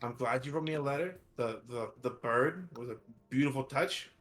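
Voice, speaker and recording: A man's voice: medium pitch, moderate pace, music in the background, natural voice. A man voicing a harried, overworked woman magistrate who snaps at her staff and talks in a flustered rush. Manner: frazzled, snapping at assistants, flustered. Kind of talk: tabletop role-play voicing.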